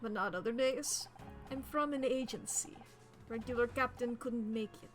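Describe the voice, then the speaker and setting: A woman voicing a gruff male ship captain in a video game, with a put-on Russian accent and terse, flat delivery. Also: a little high, moderate pace, soft background music, natural voice. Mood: curt.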